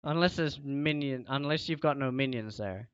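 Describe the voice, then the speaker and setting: A man's voice: medium pitch, moderate pace, clean tone, no echo, lo-fi sound. A young man streaming a game, lecturing and scolding a teammate in casual chat.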